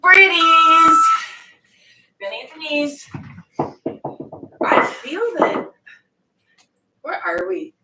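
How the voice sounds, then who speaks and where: A woman's voice: high-pitched, lively intonation, slow pace, pauses often. A woman fitness coach joking and swearing while she works out, breathing hard. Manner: joking, profane banter while exercising. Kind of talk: live workout coaching. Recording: echoey room, distant mic, faint noise.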